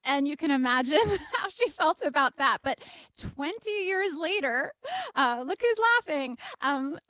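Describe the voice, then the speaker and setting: A woman, a singer-songwriter, chatting lively about her music as she introduces a song at an online event. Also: high-pitched, unhurried. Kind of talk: casual talk introducing a song.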